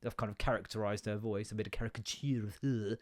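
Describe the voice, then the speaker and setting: A man's voice: lowish voice, steady tone, quick pace, darkish tone. A man in his thirties hosting a solo comedy podcast, ranting and swearing with self-mocking asides.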